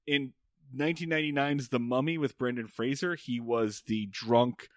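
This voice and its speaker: A man's voice: mid-range voice, steady tone, moderate pace, dry recording, studio quality. A man co-hosting a podcast, chatting casually and enthusiastically with lots of fillers. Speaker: podcast co-host. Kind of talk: casual podcast chat about an old sitcom.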